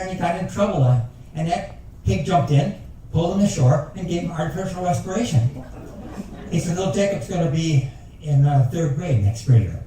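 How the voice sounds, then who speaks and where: A man's voice: on the high side, mellow, a little hiss or hum. Older male comic, folksy asides, faint room ambience, recorded from a distance. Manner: folksy storyteller with rambling asides. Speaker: talent show joke teller. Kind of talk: stand-up joke telling. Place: ship's lounge at a passenger talent show. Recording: echoey room taped from far off.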